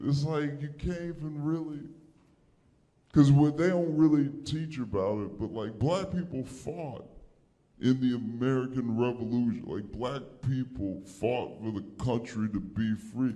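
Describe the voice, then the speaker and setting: A man performs stand-up comedy, taking his time as he leans into each story. His voice sits at a middle pitch, and he switches into raised, animated voices whenever he acts out a conversation. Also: a little slow.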